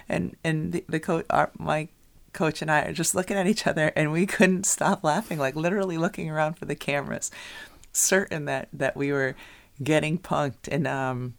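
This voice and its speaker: A woman's voice: deep voice, vocal fry. A middle-aged woman chatting casually as a podcast co-host, telling stories with lots of laughter and restarts. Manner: animated storyteller, laughs often, many restarts. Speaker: podcast co-host, youth basketball coach. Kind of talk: casual chat.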